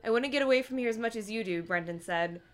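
A woman reading a book aloud in a comedic group reading, sarcastic and quick to laugh. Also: a little high. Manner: sarcastic, swears, laughs often.

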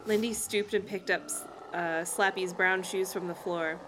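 A woman's voice: fairly low pitch, fairly even intonation, background noise. A woman co-hosting a comedy podcast, reading a children's horror book aloud and laughing at the text. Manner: reads narration briskly, laughing at the text.

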